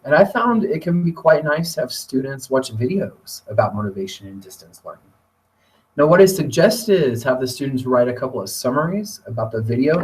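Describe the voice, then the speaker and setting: A man presenting a teacher training webinar, talking in a relaxed conversational way with occasional fillers. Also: medium pitch. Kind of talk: webinar lecture. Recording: voice distant from the mic.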